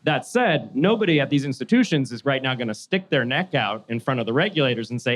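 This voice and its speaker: A man on a conference panel lays out his case deliberately, building argument on argument. His pitch sits in an ordinary middle range, and he restarts a phrase now and then. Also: expressive. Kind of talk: panel discussion.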